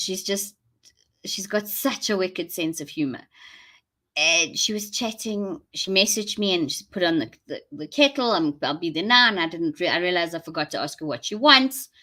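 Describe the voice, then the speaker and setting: A livestream host with a South African accent chats casually with viewers, rambling and laughing often. Her voice is on the low side and a bit bright.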